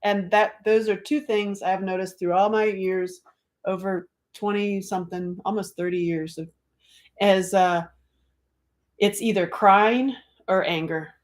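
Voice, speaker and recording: A middle-aged woman from North Carolina, an author talking casually on a livestream, chatty and animated, acting out quoted voices. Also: mid-range voice, measured pace. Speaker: author and speaker.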